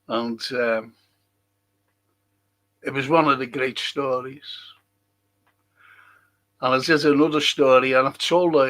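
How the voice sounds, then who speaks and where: A man's voice: mid-range voice, a bit bright. A man, a historian hosting a live stream, chatting casually and joking as he greets viewers by name.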